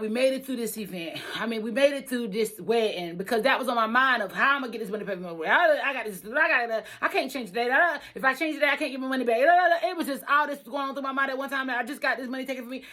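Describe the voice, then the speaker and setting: A woman with a bright, crisp voice recounts her own life story in a personal vlog. She talks emphatically and directly to her audience. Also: high voice, fast talker, hardly any pauses.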